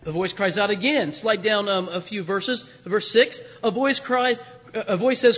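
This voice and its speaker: Male pastor, conversational sermon, slightly husky and high, lifts his voice for key points. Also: measured pace, a bit bright, long reverb tail. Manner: conversational preaching, rising for emphasis.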